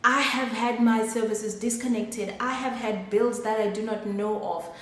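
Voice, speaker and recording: A woman voicing a furious, suspicious middle-aged woman neighbour who speaks in a shrill, accusing way. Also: fairly even intonation, normal speed, a bit bright, lightly acted. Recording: echoey room.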